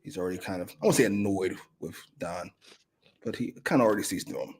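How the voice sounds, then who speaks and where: A man's voice: deep voice, fast talker, gravelly, husky. A man co-hosting a casual wrestling review show, blunt and sarcastic, swearing often. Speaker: co-host.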